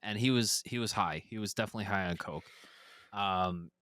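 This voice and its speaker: A fairly low-pitched man talks in a bright, smooth, resonant voice, recorded dry and close. He tells his story loosely, with lots of fillers and frequent swearing. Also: fairly quick, dry recording. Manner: rambling, profane, many fillers. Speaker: podcast guest, musician. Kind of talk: casual storytelling.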